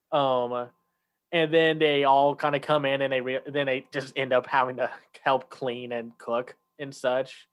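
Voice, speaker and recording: A male podcast co-host chats loosely with lots of fillers and restarts, now and then acting out lines in a raised voice. His mid-range voice is clean-toned, flat and unhurried.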